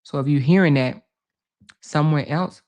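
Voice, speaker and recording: A woman's voice: low-pitched, normal speed, a little mellow. A woman hosting a casual livestream, reading viewer comments and answering them, repeating her points for emphasis. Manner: emphatic, repeats phrases, calls viewers baby and honey. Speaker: livestream host.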